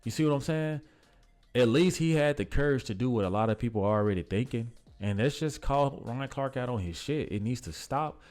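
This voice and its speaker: A man's voice: mid-range voice, expressive, brisk, a little mellow, soft background music. A man giving blunt, exasperated sports commentary in a casual vlog, often calling the listener "bro".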